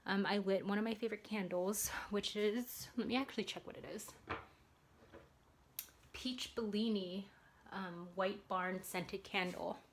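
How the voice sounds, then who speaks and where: A woman's voice: mid-range voice, fairly even intonation, unhurried, a little hiss or hum. Chatty young woman vlogging at home. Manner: chatty, rambling, with many fillers. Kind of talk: casual vlog chat.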